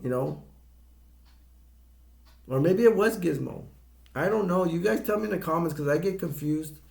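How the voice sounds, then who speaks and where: Gravelly middle-aged man rambling through a review. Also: on the high side, expressive, darkish tone. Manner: rambling and halting, full of restarts and fillers. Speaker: movie reviewer. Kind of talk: casual rambling movie review.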